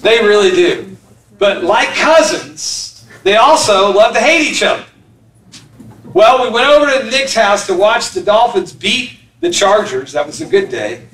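High bright-voiced pastor preaching in a hall. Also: male voice. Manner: storytelling, acts out voices, laughs along. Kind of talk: sermon. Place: church sanctuary. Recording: echoey hall, mic from a distance.

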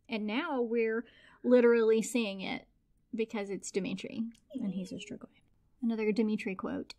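A woman's voice: on the high side, expressive, normal speed, mellow. A woman co-hosting a podcast, chatting playfully and emphatically about a book. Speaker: podcast co-host. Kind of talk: casual book chat.

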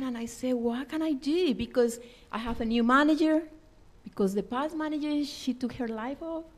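A lay preacher with a high voice delivers a personal testimony sermon in a church. She's earnest and emphatic, and her English phrasing is non-native.

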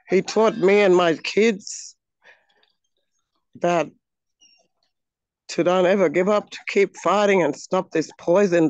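An Australian woman speaks slowly and earnestly, pausing often between thoughts. Her voice is smooth and clear. The recording is dry, with little sense of the space around her. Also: on the low side, a little mellow, dry recording, lo-fi sound. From Northern Territory, Australia. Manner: earnest, halting, with frequent pauses. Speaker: speaker at a launch event. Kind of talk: heartfelt personal address. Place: outdoors on her home land.

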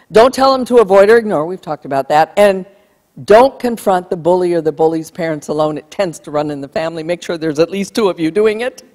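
A woman's voice: fairly low pitch, a little mellow. A woman giving an emphatic keynote talk on bullying to a live audience, acting out what parents and kids say. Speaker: speaker on bullying. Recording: long hall reverb.

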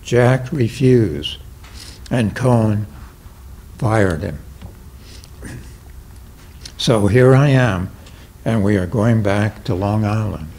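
An older man reads his own memoir aloud in a slow, deliberate way. His tone is mellow and relaxed, and he gives the quoted people only a light touch of voicing. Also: on the low side. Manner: slow, measured reading with mild voicing of quoted characters. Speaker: memoir reader.

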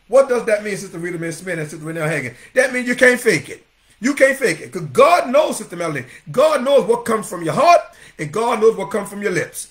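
Fervent high-voiced preaching man. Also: lively intonation, a little fast. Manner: fervent preaching, calls out congregation members by name. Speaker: pastor. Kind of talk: sermon.

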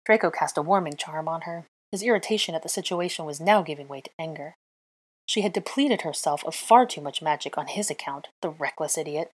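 Woman narrator, storybook reading, measured and expressive; low husky voice. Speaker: fanfiction reader.

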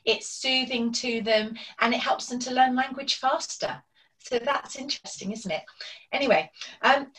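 Lady giving a parenting talk online, kinda high voice, sounds a bit far off the mic. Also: a bit bright. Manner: explanatory, acts out examples. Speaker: parenting webinar presenter. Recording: distant from the microphone.

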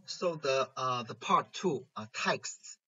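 A man teaching a language lesson in English, pausing often with fillers. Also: mid-range voice, expressive, pushed and bright, husky. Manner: hesitant, many pauses and fillers. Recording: dull lo-fi recording.

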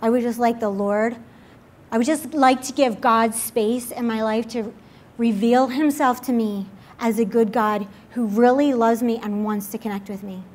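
A woman pastor leading an altar call and prayer in a church service, gently inviting and repeating her words. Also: a little high, steady tone, moderate pace.

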